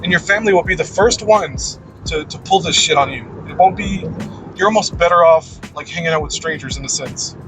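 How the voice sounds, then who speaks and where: A man's voice: a little high, brisk, over music, low-quality recording. A man in an unscripted personal monologue, ranting bluntly and emphatically, with frequent swearing. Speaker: video creator.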